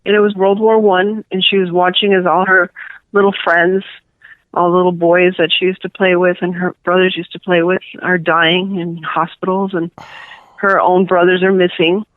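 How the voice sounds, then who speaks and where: A woman's voice: lowish voice, level tone, normal speed, no echo. A middle-aged woman with a Cuban New Yorker accent, chatting as a guest author in a rambling way, full of fillers. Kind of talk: casual interview chat. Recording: tinny phone line.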